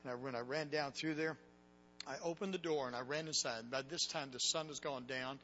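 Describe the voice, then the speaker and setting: Earnest, bright-voiced male preacher. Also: mid-range voice, brisk, highs cut off, a little hiss or hum. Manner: earnest and emotional, quoting others. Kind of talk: sermon storytelling to young people.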